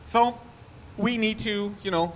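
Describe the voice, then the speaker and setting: Conference speaker, German-accented man, slightly high voice, faint hiss behind. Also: slow. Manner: loose, chatty delivery with restarts and asides. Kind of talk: technical conference talk. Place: conference hall.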